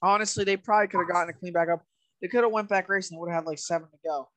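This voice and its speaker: A man's voice: high-pitched, fairly even intonation, racing, fairly bright tone. A man co-hosting a podcast in casual chat, rambling and leaning heavily on "you know" fillers. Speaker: podcast co-host.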